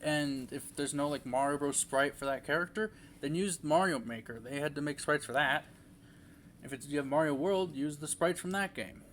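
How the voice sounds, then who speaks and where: A man's voice: a little high, normal speed, a bit bright, a little hiss or hum. A young man giving a casual, rambling movie review, full of fillers and restarts.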